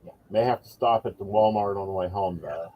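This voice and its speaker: A man's voice: lowish voice, a little fast, muffled recording. A man co-hosting a casual chat, making wry, dry asides. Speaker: podcast co-host, psychic.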